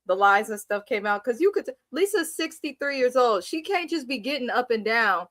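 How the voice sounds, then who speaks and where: Animated, high-voiced woman recapping TV. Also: moderate pace, no room sound. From Kenya. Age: 30s. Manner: animated, laughing, blunt and profane storytelling. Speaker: show recap host. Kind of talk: live TV recap commentary.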